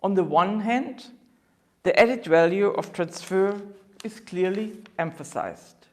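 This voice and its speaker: A university president delivers a formal opening address, courteous and steady. The voice sits at a middle pitch. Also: slow. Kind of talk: formal welcome speech.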